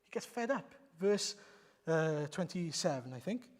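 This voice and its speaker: A man's voice: a little high, animated, unhurried. Emphatic male preacher in a reverberant church. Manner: emphatic, rhetorical questions, repeats lines. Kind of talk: sermon. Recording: long reverb of a church hall.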